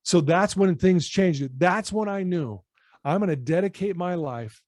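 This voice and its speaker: Coach in his fifties, podcast guest. Earnest, animated storyteller, slightly high pitch. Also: a little slow, no echo, studio quality. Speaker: guest, personal-development coach.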